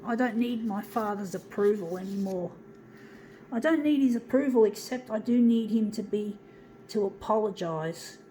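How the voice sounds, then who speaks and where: A woman's voice: medium pitch, warm tone, a little hiss or hum, low-quality recording. A woman ranting angrily to her viewers as a vlogger, swearing heavily and calling them folks. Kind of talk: angry personal rant to viewers.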